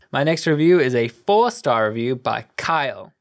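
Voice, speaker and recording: A podcast co-host in casual chat, reading film reviews aloud and tossing in quick deadpan quips. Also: medium pitch.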